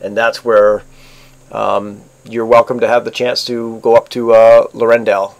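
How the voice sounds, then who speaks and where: A man narrating as game master for an online tabletop game, halting with many fillers and restarts. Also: fairly low pitch, level tone. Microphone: online voice chat.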